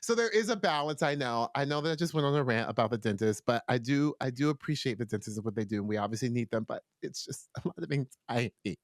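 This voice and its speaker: A man's voice: medium pitch, quick pace, few pauses, dry recording, clean studio sound. A young man co-hosting a podcast, chatting casually and playfully, slipping into sing-song bits and mock voices. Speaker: podcast co-host. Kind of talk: casual chat.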